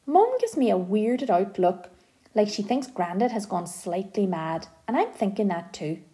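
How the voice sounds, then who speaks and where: A woman narrating an audiobook in a gentle, expressive storytelling manner. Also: mid-range voice, measured pace.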